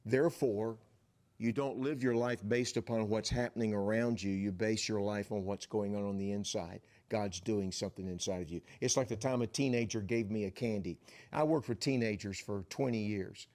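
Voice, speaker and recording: A middle-aged man preaching a sermon as pastor, telling a story with lively, building emphasis. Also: fairly low pitch, normal speed.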